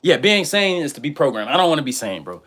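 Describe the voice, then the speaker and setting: A man ranting on a live stream, heated and repetitive, swinging from a low mutter to loud outbursts. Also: big pitch swings, fast talker. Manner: many fillers and restarts. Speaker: online commentator.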